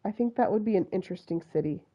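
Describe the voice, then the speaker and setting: A woman's voice: mid-range voice, rapid-fire, husky, highs cut off. A woman from Utah with a Utah accent, chatting through live gameplay commentary and talking to the animals on screen. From Utah, USA. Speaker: game streamer.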